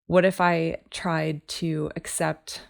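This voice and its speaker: A woman co-hosting a faith podcast, calmly explaining her thoughts with examples. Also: sits low, takes it slowly, gravelly. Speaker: podcast co-host. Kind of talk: casual faith podcast chat.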